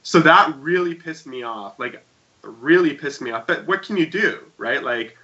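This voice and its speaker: A man co-hosting a podcast, chatting casually and telling a story with animated swings between loud and quiet. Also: fairly high pitch, moderate pace, highs cut off. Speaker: podcast co-host. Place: home room with shelves.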